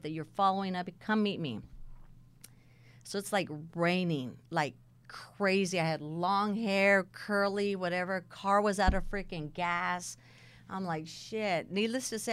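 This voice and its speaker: Blunt middle-aged woman telling a story, acts out the dialogue, clear smooth voice. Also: fairly low pitch, fairly bright tone. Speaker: guest telling her career story. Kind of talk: casual storytelling.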